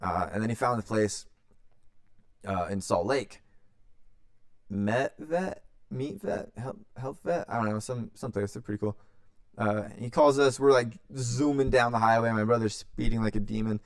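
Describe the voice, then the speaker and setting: A man's voice: on the low side, steady tone, normal speed, clear, resonant tone, no room sound, clean studio sound. A young man, hosting a podcast and telling a long story in a loose, profane way, acting out quotes as he goes. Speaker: podcast host. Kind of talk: casual storytelling.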